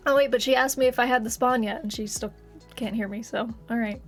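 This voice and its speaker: A young woman from Texas, talking casually to her stream chat and breaking into giggles often. Her voice sits a little high. Faint music plays underneath. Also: steady tone, brisk. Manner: chatty, giggly, laughs often.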